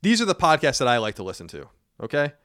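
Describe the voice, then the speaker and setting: A man hosting a casual podcast, blunt and quick, swearing now and then into a close mic. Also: fairly high pitch, wildly swooping pitch, a bit bright, no echo. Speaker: podcast host.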